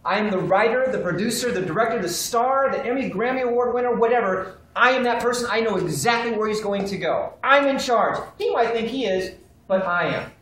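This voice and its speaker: An animated man runs a live training session, throwing questions at the room and acting out phone calls. His voice bounces around a very reverberant hall, with faint background ambience underneath. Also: extremely high pitch, brisk, a little hiss or hum. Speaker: sales trainer. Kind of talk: live seminar teaching. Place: seminar room with a live audience.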